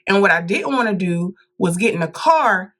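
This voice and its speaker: A woman vlogging a casual storytime, dramatic and animated, acting out quotes and calling her viewers "y'all". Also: medium pitch, normal speed. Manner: addresses viewers directly as "y'all" and "baby".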